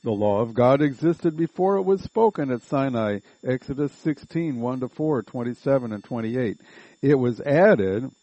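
A man's voice: medium pitch, animated, moderate pace, few pauses, mellow, no room sound, low-quality recording. A man teaching a Bible study lesson, reading passages aloud and methodically rephrasing and rereading them to explain them.

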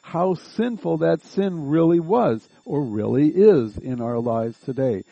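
Male Bible study teacher, mellow timbre, methodical reader who rephrases as he explains; dull, dry lo-fi recording. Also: fairly high pitch, lively intonation, takes it slowly, creaky, dry recording. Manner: methodical, rereads and rephrases passages. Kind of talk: Bible study lesson, reading and explaining a text.

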